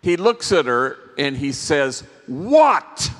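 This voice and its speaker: A priest giving a workshop talk at a conference, telling stories in a gentle, reflective way with pauses. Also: male voice, medium pitch, expressive. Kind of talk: storytelling keynote talk. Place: large conference hall. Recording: long hall reverb.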